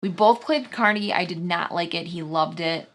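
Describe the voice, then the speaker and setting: A woman's voice: on the low side, moderate pace, fairly bright tone. A woman co-hosting a live board game stream. She chats casually and jumps from topic to topic as she plays. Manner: chatty, jumps between topics. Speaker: co-host of a board game channel. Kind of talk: casual chat while playing a board game.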